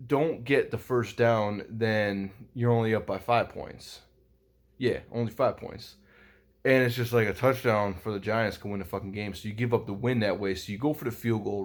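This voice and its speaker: Young dude ranting about a football game, kinda low voice, swears a ton, lots of um and like. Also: male voice. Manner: rambling, heavy swearing, lots of fillers. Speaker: sports vlogger. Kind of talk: casual football recap vlog.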